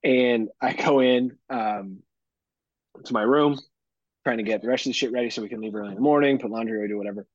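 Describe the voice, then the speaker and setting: Podcast dad, husky, swears freely, dull lo-fi sound. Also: male voice, medium pitch, fast, dry recording. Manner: profane, animated storytelling with mock-dramatic quotes. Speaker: podcast host. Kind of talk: casual storytelling chat.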